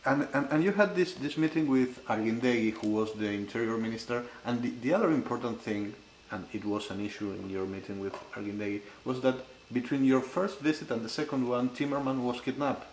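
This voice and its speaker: Man asking halting questions. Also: mid-range voice. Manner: halting questions with frequent restarts. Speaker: interviewer. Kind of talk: oral history interview. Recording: echoey room with faint hiss.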